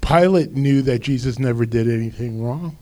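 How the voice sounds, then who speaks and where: A man preaching a sermon as pastor, slow and deliberate with emphatic rises. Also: medium pitch, dark tone.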